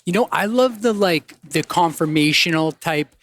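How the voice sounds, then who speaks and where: Man, podcast guest, fairly high voice, casual anecdotes with quoted voices. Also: moderate pace. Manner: animated anecdotes, acts out quoted people. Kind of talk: casual storytelling in conversation.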